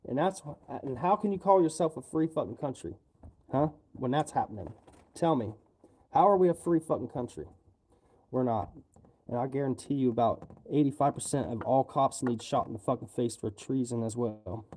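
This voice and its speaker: A man from the United States rants into his livestream, angry and swearing. His voice is dark and heavy, and it stays at a middling pitch as he fires off his complaints. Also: moderate pace, slightly rough. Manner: angry, profane, ranting. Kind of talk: livestream rant.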